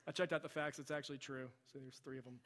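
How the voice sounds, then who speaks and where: A man's voice: mid-range voice, steady tone, brisk, a bit bright, long reverb tail. A man preaching a sermon in a church, telling a story and building to impassioned emphasis. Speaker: pastor. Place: church sanctuary.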